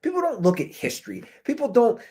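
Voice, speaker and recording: A man in his thirties hosts his podcast and rants in a loose, animated way. His pitch swings widely, and his voice sounds husky. It was picked up by a plain computer mic. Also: quick pace. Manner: animated, conversational ranting, says "dude" and "man" often. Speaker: podcast host. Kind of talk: ranting commentary. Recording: recorded through a computer mic.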